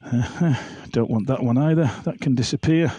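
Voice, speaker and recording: A husky, mellow mid-range voice at normal speed belongs to a chatty man singing and hosting a live stream from home. He reads viewer comments aloud over a laptop-and-phone setup. No room sound comes through, only faint backing music.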